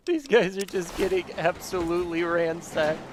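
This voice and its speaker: A man live-streaming a game, chatting casually with viewers, excitable and quick to swear. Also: high-pitched, a little hiss or hum. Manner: excitable, swears freely, talks to chat. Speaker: gaming streamer.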